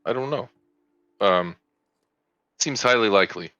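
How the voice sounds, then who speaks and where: A man's voice: fairly low pitch, a little slow, pushed and bright, dry recording, dull audio, pitched above the performer's own voice. A man voicing a hesitant young nobleman in a tabletop game, stammering and unsure.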